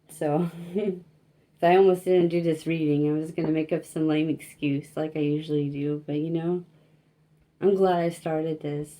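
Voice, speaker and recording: A woman's voice: sits low, warm tone. A young woman giving a casual tarot reading, rambling and self-conscious, laughing often and filling her talk with likes and you-knows. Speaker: tarot reader.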